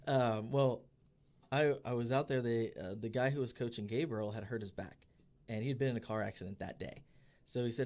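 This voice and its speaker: In a podcast studio, a male co-host with a mid-range voice talks a bit quickly. He's an animated storyteller who keeps things casual and performs the voices of the people in his stories.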